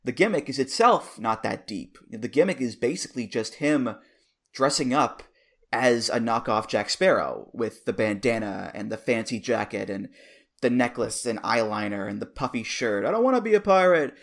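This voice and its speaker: A man's voice: medium pitch, moderate pace, creaky. A man in his thirties co-hosting a podcast, chatting casually and enthusiastically, laughing easily as he reminisces. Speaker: podcast co-host. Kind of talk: casual chat.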